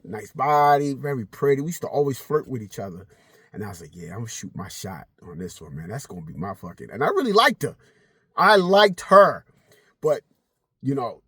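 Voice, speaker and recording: A middle-aged man telling a casual story to camera, animated and swearing freely, slipping into the voices of people in his story. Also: mid-range voice, husky, no echo, studio quality. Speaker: vlogger.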